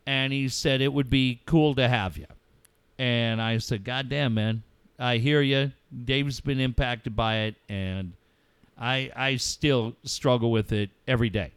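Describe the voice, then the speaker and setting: Heartfelt middle-aged man, smooth dry voice. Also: mid-range voice, fairly even intonation, a bit bright, dry recording. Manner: heartfelt, swears freely, halting pauses. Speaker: radio show host. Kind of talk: emotional casual talk.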